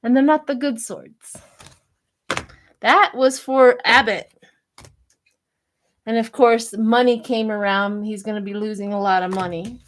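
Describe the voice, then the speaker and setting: A woman's voice: fairly high pitch, steady tone, unhurried, pauses often. An older woman from Colorado doing a casual, chatty tarot reading for her channel, laughing often and wandering into gossipy asides. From Colorado, United States. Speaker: tarot reader.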